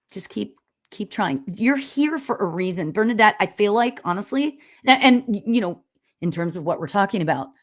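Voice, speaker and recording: A middle-aged woman hosting a live stream as a spiritual medium, chatting casually and telling stories loudly with lots of laughs and "you know?". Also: on the low side. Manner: loud, animated storyteller with frequent laughs and "you know?". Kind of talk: casual livestream chat reading viewer comments.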